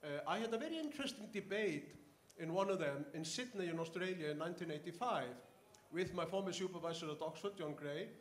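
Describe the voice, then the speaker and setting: An older man from Iceland, a professor telling anecdotes in an interview, halting with many fillers and restarts. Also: sits high, animated. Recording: echoey room, faint ambience.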